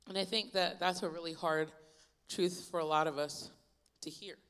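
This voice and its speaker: A young woman preaching a youth sermon, retelling Bible stories in a lively, casual storytelling way. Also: fairly low pitch, normal speed, clean tone. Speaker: youth pastor. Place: church youth service.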